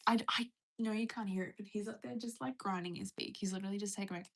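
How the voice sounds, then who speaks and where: An Australian woman live streamer speaks fast at a medium pitch with a steady tone. In a casual, chatty stream, she reads viewer questions aloud and rambles conversationally through her answers.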